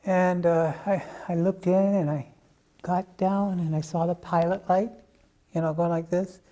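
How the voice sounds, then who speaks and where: An older man telling a personal memory in an unhurried, halting way, as an interview guest. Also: sits high, steady tone, mellow. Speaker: interviewee recalling his spiritual teacher. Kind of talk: personal reminiscence.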